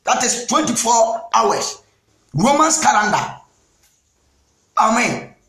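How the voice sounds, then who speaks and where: A Ghanaian man preaching a sermon as an evangelist, emphatic and repeating "Amen", sometimes shouting. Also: very high-pitched, big pitch swings, slow, vocal fry, reverberant. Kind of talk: sermon mixing Twi and English.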